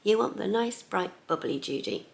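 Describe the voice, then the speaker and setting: A middle-aged woman chatting casually in her sewing vlog, lively and chatty, sometimes dropping to a soft near-whisper. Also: medium pitch, moderate pace, creaky. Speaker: sewing vlogger.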